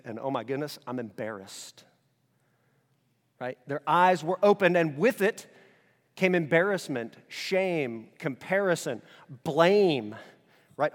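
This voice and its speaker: Male pastor, conversational sermon delivery with loud peaks and hushed stretches; slightly higher pitch, recorded in a reverberant hall. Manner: animated preaching, swings between loud emphasis and quiet intensity; casual conversational asides.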